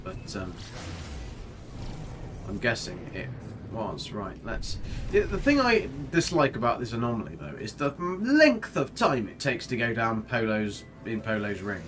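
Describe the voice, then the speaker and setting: A man's voice: medium pitch, very animated, a little slow. Male game streamer, casual rambling banter over faint music. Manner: chatty, jokey, rambling, reads chat aloud. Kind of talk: casual live-stream commentary.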